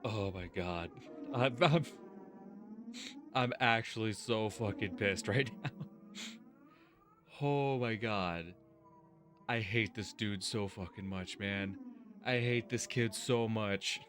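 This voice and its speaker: Exasperated, cursing let's-play host. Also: male voice, lowish voice, slow pace, pauses often, noisy background. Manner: exasperated, swears heavily. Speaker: gaming video host. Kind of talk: let's-play commentary, reading game text aloud.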